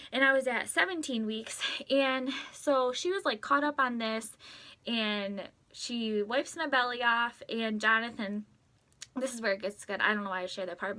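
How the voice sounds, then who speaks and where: A woman in her thirties talks into her camera at home, telling a story in a chatty, excitable way. Her voice sits a little high, with a bright, forceful edge, and she slips into quoting what everyone said. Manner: chatty, excitable, lots of "like" and quoted dialogue. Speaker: vlogger. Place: at home, in a closet.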